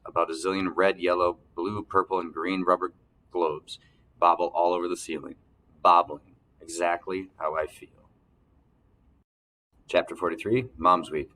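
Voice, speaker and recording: A man narrating an audiobook in the first person, telling the story calmly and evenly. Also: deep voice.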